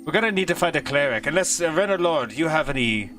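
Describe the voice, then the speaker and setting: Lively game master man. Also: on the high side, fast, music in the background. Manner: animated, laughs and swears casually. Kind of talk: narrating a tabletop game over a voice call.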